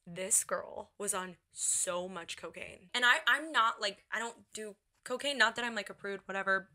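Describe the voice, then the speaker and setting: A woman who is a podcast guest, telling a story in casual chat, expressive and laughing often. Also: mid-range voice, moderate pace.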